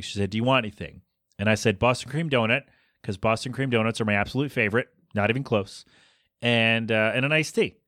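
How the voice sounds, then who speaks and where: A man's voice: medium pitch, a bit bright, no echo, studio quality. A man hosting a solo podcast, rambling and self-deprecating as he rants about small annoyances. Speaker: podcast host.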